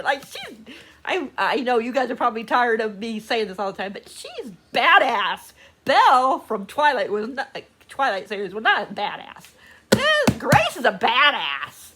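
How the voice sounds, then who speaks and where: A woman chatting casually in a book vlog, gushing and excitable, laughing often, talking from a room at home. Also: on the high side, a little slow, a little hiss or hum. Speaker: book vlogger. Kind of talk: casual reading vlog chat. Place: home room with door open.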